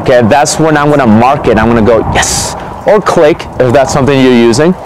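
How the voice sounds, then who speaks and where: A man talks through a dog training technique in an easygoing, chatty way, often pausing to ask "okay?". His voice sits at an ordinary middle pitch. It was recorded outdoors, with faint vehicle noise in the background. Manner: relaxed, conversational, frequent "okay?" check-ins. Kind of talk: casual instructional talk.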